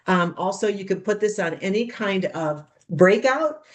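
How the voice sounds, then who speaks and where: A woman's voice: medium pitch, animated, a little slow. A woman coaching others how to run a skincare party, demonstrating steps in a bubbly, chatty way and calling the group "you guys". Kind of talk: hands-on demonstration talk.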